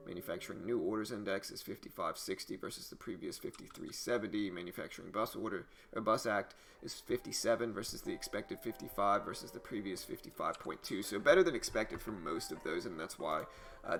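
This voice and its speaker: A man's voice: lowish voice, creaky. Chatty man hosting a live stream. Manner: loose and chatty, animated when telling stories. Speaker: host of live trading stream. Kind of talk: casual live stream chat and market news. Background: soft jazz music.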